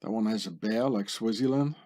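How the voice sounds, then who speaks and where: A man's voice: on the low side, a little fast, dark tone. A man hosting his own channel and talking through images on screen, in a sardonic, conspiratorial way, often tagging remarks with questions. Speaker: channel host. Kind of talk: screen-share commentary.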